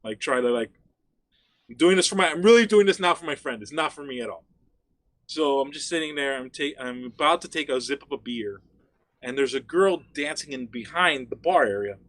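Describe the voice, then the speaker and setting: A fairly high-voiced man from Miami tells a wild story as a guest on a casual chat. He is animated and swears freely, and he fills his sentences with "like." The sound is dry and close. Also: a little fast, no echo. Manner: animated, profane, frequent "like" fillers.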